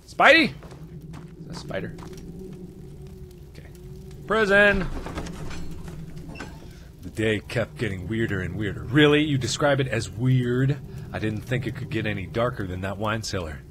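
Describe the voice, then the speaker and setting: A young man in his twenties commentating a horror game, with jumpy, loud screaming outbursts and jokey asides. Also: lowish voice, sing-song, normal speed, slight background noise. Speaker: let's play host.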